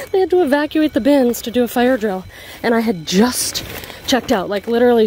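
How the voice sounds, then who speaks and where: Her voice is on the high side and a little mellow, and she talks briskly, with a little hiss or hum on the recording. She's a reseller vlogger in her thirties doing an upbeat haul chat to camera about thrifted items, full of "like," filmed in a thrift store and car, indoors and out.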